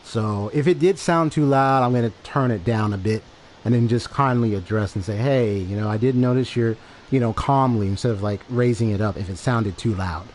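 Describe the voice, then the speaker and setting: Speaking into a desk mic from his home setup while streaming a game, a man defensively explains his point to chat again and again, rambling and repetitive. His medium-pitched voice is brisk and somewhat dark, with faint hiss in the background.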